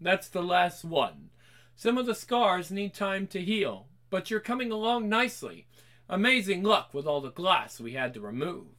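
A reader voicing a brisk, reassuring hospital doctor with a soothing bedside manner. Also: mid-range voice, sing-song, a bit bright.

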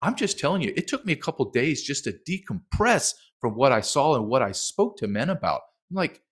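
A man's voice: mid-range voice, sing-song, fairly quick, few pauses, husky. A middle-aged man speaking as a documentary filmmaker guest in a heated interview, emphatic and impassioned, acting out quotes.

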